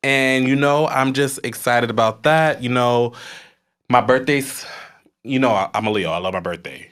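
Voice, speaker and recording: A man's voice: mid-range voice, moderate pace, a bit bright. Affectionate man co-hosting a podcast. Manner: affectionate, hypes up his co-host. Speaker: podcast co-host. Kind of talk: casual chat.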